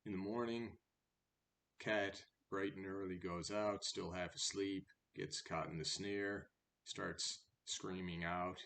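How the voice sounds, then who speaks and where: A low-voiced man reads a verse fable, then retells it in a loose, chatty way. He takes his time and keeps a slow pace. A faint hiss sits under the recording. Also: vocal fry. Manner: relaxed, chatty retelling with fillers. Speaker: storyteller. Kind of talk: reading a fable aloud, then retelling it casually.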